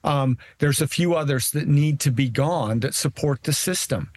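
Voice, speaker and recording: A man speaking as a conservative legislator guest in a political interview, emphatic and rallying, with quick restarts. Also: on the high side.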